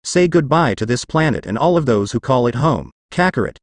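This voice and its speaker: A man's voice: medium pitch, very animated, brisk, no echo. A man voicing a furious sneering warrior woman. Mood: raging. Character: arrogant fierce female alien warrior villain.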